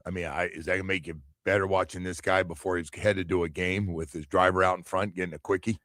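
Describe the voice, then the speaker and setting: A man's voice: low-pitched, fast, dry recording. Rambling sports radio man, dry studio. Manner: rambling, animated, acts out others' lines. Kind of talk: casual sports talk radio.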